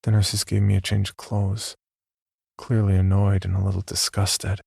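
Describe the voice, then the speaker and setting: A man narrating a first-person horror story in a slow, measured, scripted delivery. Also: completely flat delivery, a little mellow, no echo, clean studio sound. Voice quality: deep gravelly voice.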